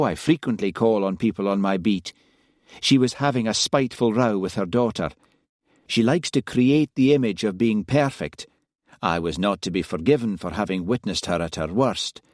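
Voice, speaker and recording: A man reading aloud, voicing a blunt, stubborn Highland village policeman who speaks curtly. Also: animated, normal speed, no room sound, clean studio sound, lightly acted. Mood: firm. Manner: blunt, curt.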